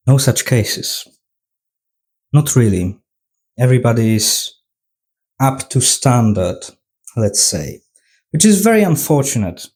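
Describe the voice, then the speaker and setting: Brief: male reviewer, casual retrospective, dry sarcasm, unhurried delivery. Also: mid-range voice, a little mellow. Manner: sarcastic plot retelling. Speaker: film reviewer.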